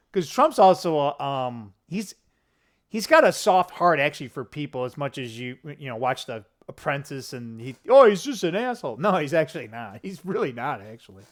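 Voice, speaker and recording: Middle-aged guy ranting to his camera, voice jumps all over, cusses and laughs a lot, kinda high. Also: moderate pace. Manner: profane, laughing, tangent-prone, animated swings in pitch. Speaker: political vlogger. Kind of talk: rambling casual monologue to camera. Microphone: camera close up at a desk.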